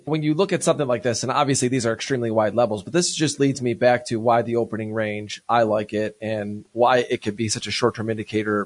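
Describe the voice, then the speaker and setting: A man hosting a livestream trading talk show, explaining ideas quickly and reading viewer questions. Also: medium pitch.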